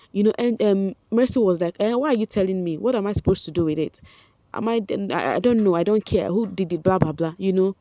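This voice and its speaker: Animated Nigerian woman vlogger, mellow. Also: fairly low pitch, no room sound. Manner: animated, chatty, talks straight to viewers. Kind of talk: casual reality-show recap.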